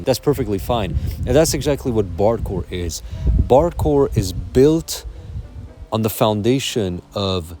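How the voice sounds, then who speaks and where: A man's voice: on the low side, lively intonation, a little slow, dark tone. A man from Quebec with a Québécois accent, talking casually and with strong opinions as the host of a music channel, swearing now and then. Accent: Québécois French. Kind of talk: casual explanatory monologue.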